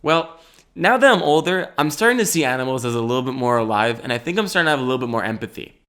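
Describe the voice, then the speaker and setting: A man in his twenties talks alone on his podcast at an average pitch for a man. His delivery is loose and rambling, full of jokes, swearing and frequent laughs. He sounds like he is thinking out loud as he goes. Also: expressive, rapid-fire, clear, resonant tone. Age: 20s. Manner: rambling and jokey, laughs often, swears casually. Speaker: podcast host. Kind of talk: solo comedic podcast monologue.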